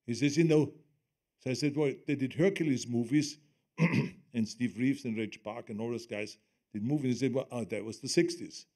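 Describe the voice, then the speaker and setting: A man's voice: medium pitch, moderate pace. Older man with a German accent. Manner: animated, quotes others in lively voices, laughs often. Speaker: guest. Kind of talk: storytelling on stage in conversation.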